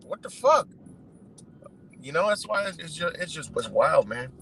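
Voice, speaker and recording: A man's voice: fairly high pitch, expressive, fairly quick, a bit bright, a little hiss or hum, poor audio. A man giving a profane, rambling unscripted monologue, full of "you know" and "man".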